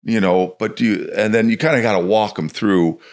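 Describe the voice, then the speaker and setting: Low-voiced former ballplayer, relaxed talk. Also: male voice, a little fast. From Chicago. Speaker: guest, former pro baseball player. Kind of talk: casual podcast interview.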